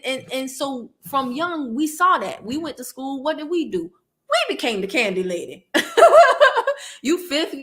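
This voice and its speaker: Bright, chatty woman. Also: sits high. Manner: chatty, laughing often, talks straight to her audience. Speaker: live stream host. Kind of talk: casual chat to live viewers.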